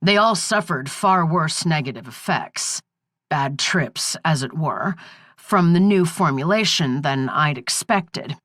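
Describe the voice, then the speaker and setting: A woman's voice: low-pitched, animated, takes it slowly, fairly bright tone, no room sound, clean studio sound, full character voice. A woman voicing a cold, ruthless male villain. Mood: coldly explaining. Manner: menacing, matter-of-fact.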